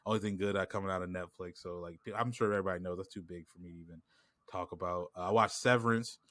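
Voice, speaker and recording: Deep-voiced man rambling on a podcast. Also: steady tone, fast, a bit bright, no room sound. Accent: New York. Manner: rambling, lots of "like" and "you know what I'm saying". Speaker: podcast co-host. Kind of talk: casual chat.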